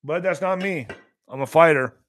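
A man's voice: on the high side, moderate pace, fairly bright tone, poor audio. A man hosting his morning show, rambling casually and profanely while reading news aloud with stumbles.

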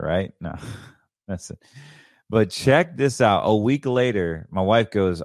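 A man's voice: deep voice, lively intonation, moderate pace, no room sound, clean studio sound. A middle-aged man hosting a podcast, talking in a rambling, enthusiastic way. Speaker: podcast host. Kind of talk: casual solo podcast monologue.

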